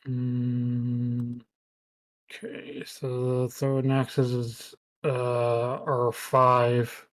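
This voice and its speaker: Very slow, flat-voiced game player. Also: mid-range voice, dry recording. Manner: slow and halting. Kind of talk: casual tabletop game talk.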